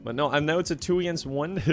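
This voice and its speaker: A man's voice: a little high, fairly quick, faint music behind. A young Irish man chatting casually on a live game stream, laughing often and thanking viewers. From Ireland.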